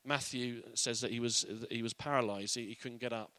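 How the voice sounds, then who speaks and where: A man's voice: mid-range voice, fairly even intonation, fairly quick, sharp tone, dry recording. A man giving an informal, earnest Bible teaching in a conversational way.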